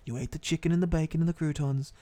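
A man's voice: a little high, fairly even intonation, rapid-fire, warm tone. A man co-hosting a casual podcast, swearing constantly and spinning off into comic rants. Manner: profane, ranting comic tangents. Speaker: podcast co-host.

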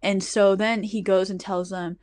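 A young adult woman hosts a podcast and tells a story in a chatty, profane way, dropping "like" constantly. Her voice is medium-pitched and a little mellow, with little pitch movement and a measured pace.

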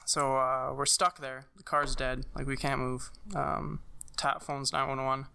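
A young man telling a personal story in casual conversation, halting, with many fillers and restarts. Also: medium pitch, level tone, vocal fry, sharp tone, slight background noise. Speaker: guest sharing a personal story.

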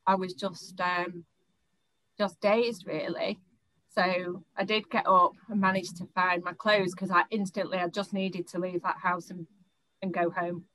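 A woman's voice: fairly low pitch, little pitch movement, measured pace, a bit bright, low-quality recording. A young woman, recounting a personal experience in an interview, often stopping, restarting and repeating words.

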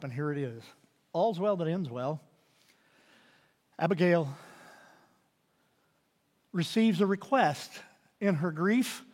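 A man preaching a sermon as pastor, building to loud emphatic peaks and dropping to quiet asides. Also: on the high side. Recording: reverberant hall.

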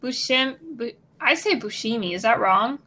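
A woman's voice: a little high, moderate pace, sharp tone. A woman co-hosting a podcast in a casual, joking, rambling chat. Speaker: podcast co-host.

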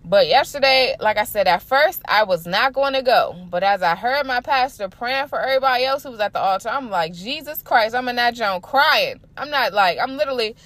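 A young woman tells a personal story on her solo podcast. She talks in a loose, chatty, animated way, full of slang and asides, and her voice sits a little on the high side. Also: fairly quick, few pauses, dry recording. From Maryland, USA. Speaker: podcast host. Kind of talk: casual solo podcast talk.

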